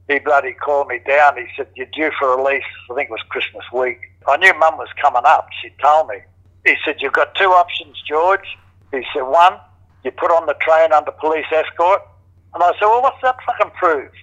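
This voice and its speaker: An older Australian man, a former criminal, tells stories in a casual interview, his voice a little high, fairly quick and a bit bright on a lo-fi recording. He's blunt, swears freely and acts out the voices of people he quotes.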